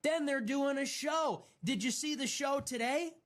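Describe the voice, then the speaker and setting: Sneering high-voiced man ranting. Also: measured pace, fairly bright tone. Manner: sarcastic, sneering, provocative. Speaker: streamer in a played clip. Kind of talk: mocking livestream rant.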